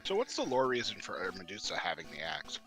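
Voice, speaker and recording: A man's voice: on the low side, wildly swooping pitch, brisk, a bit bright, slightly rough, soft background music. A young man bantering and teasing his friend during a casual livestream, cracking jokes. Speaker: co-host friend.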